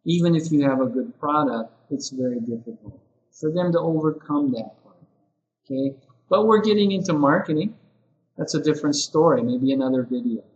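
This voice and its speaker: A man giving a relaxed lesson to ESL teachers, talking through example phrases with many fillers. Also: a little high, normal speed, echoey room, highs cut off. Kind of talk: casual spoken lesson to camera. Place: classroom with whiteboard.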